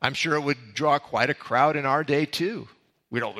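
A pastor with a bright, forceful, medium-pitched voice preaches a sermon at normal speed. He reads verses aloud and explains them with casual asides.

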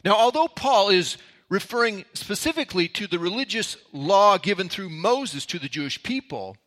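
Bright-voiced man teaching a sermon. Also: high-pitched, lively intonation, moderate pace. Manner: storytelling, conversational. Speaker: pastor. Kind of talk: sermon-style Bible teaching.

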